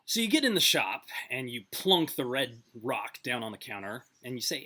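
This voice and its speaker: A man's voice: mid-range voice, big pitch swings, moderate pace, hardly any pauses, sharp tone. A man telling a story in a casual, conversational way, with many fillers and restarts.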